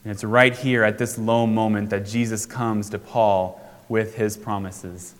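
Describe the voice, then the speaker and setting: A male pastor preaching a sermon in a measured, unhurried way with frequent pauses. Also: lowish voice, fairly even intonation. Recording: reverberant hall.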